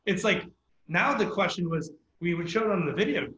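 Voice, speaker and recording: Excitable guy telling a startup story, kinda high pitched, echoey lo-fi sound. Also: a little hiss or hum. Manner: animated, fast storyteller with filler words. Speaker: startup founder guest. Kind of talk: casual storytelling interview.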